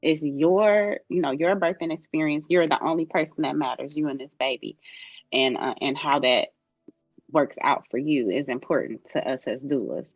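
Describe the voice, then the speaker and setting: A woman's voice: low voice, moderate pace, husky, no room sound, highs cut off. A woman doula speaking earnestly and reassuringly in a roundtable discussion, with frequent fillers.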